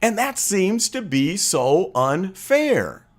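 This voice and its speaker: A man's voice: high voice, very animated, slow pace. A man from Chicago hosting a live stream, explaining political drama earnestly and acting out little scenes as he tells them. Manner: earnest, storytelling with acted-out quotes. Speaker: political commentary host.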